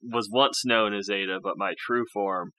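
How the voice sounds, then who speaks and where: A man's voice: on the low side, fairly even intonation, normal speed, sharp tone. A man co-hosting a podcast in casual chat, cracking dry, crude jokes. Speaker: podcast co-host.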